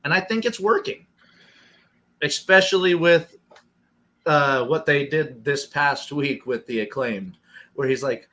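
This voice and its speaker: A man co-hosting a casual wrestling podcast, animated and laughing easily, swearing casually. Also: a little high, measured pace, long pauses. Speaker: podcast co-host. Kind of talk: casual chat.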